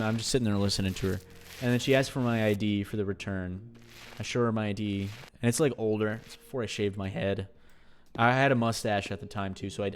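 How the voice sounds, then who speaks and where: Chatty rambling male streamer. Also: fairly low pitch. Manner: rambling, chatty, swears casually. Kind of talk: casual storytelling while gaming.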